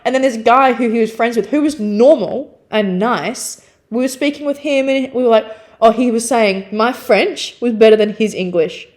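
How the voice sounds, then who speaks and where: A young adult woman co-hosting a casual chat, telling a story in a chatty, animated way with lots of fillers. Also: on the high side, moderate pace. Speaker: podcast co-host.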